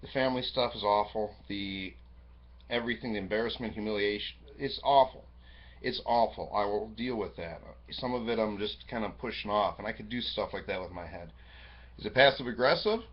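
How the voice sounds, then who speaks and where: A man talking into his webcam in a rambling, profane personal monologue, jumping between excited high bursts and low, quiet musing. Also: fairly quick. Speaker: vlogger. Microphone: webcam microphone. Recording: dull lo-fi webcam audio.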